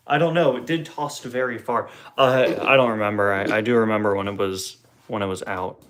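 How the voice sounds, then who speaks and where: A man's voice: medium pitch, fairly even intonation, normal speed, hardly any pauses, a bit bright. A young man hosting a casual live question-and-answer stream from home, joking and tripping over his words, talking into a phone on a tripod. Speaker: livestream host.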